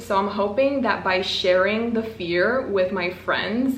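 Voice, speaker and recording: A woman's voice: medium pitch, fairly bright tone, a little hiss or hum. A young woman chatting casually in a book vlog, bubbly and self-mocking with dramatic asides. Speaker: booktuber. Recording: echoey room with faint ambience.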